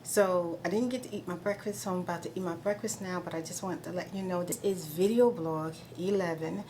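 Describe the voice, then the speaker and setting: A middle-aged woman hosts her own video blog, chatting and rambling with exasperated asides. Her voice is lowish and a little mellow, brisk, with fairly even intonation, and there's noticeable background noise.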